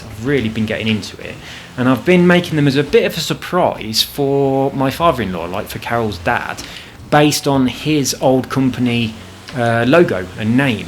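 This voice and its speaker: A man's voice: mid-range voice, a little hiss or hum. A man chatting casually over gameplay at home, rambling and swearing freely about his frustrations. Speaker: gaming channel host. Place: home apartment.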